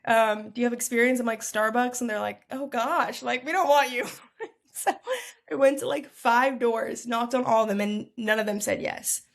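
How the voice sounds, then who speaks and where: A young woman telling a long personal story as a podcast guest in a lively, chatty way. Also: a little high, normal speed, gravelly. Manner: lively, chatty, lots of "like" and "y'all". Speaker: podcast guest, food entrepreneur. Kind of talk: casual storytelling.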